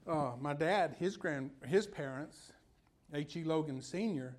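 A man's voice: fairly high pitch, unhurried, a little mellow. Folksy man preaching. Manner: folksy, conversational, with personal stories and direct questions to listeners. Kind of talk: sermon.

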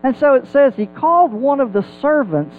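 High-voiced man preaching animatedly. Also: moderate pace, phone-quality sound, faint music behind. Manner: animated, asks rhetorical questions. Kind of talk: Bible teaching sermon.

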